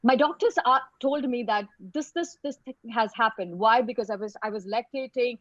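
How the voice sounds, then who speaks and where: A woman speaks in a fairly high voice, stopping and restarting her sentences as she tells a personal story. The sound comes through a dull, lo-fi video call line, dry and close with no room around it. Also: no echo. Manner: halting, repeats words and restarts. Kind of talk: personal story in a web lecture.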